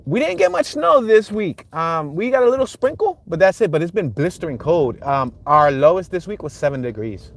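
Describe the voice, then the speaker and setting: Male street-tour streamer, relaxed and talkative, speaking from behind the wheel. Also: a little high, moderate pace, few pauses. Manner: chatty, reads viewer comments aloud and greets chatters. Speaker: livestream host driving a neighborhood tour. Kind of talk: casual live commentary while driving. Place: inside a car on city streets.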